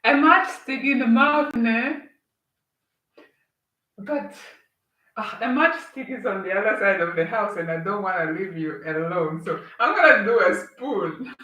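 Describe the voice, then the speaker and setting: A woman's voice: mid-range voice, unhurried, bright, forceful tone. A woman hosting a casual live cooking stream, chatting with viewers and greeting them as they join. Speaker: cooking livestream host. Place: home kitchen. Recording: roomy, distant, with clear background noise.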